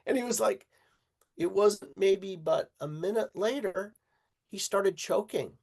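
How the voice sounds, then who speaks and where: A man telling a personal story in an interview, halting in places and acting out the voices of the people in it. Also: high voice, gravelly. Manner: halting, animated storyteller who acts out quoted voices. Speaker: interview guest. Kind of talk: casual storytelling.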